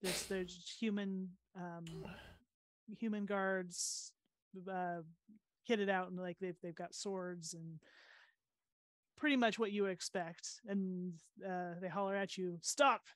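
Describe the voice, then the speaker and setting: A woman's voice: lowish voice, steady tone, slow, no room sound. A woman narrating as game master in a tabletop game on a live stream, with a hesitant delivery full of fillers and giggles.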